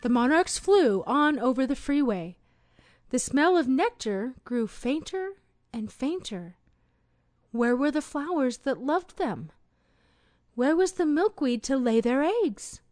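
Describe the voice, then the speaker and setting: Expressive high-voiced woman reading a storybook. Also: unhurried, no echo. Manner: expressive, sing-song storytelling. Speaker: storybook narrator. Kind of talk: children's read-along narration.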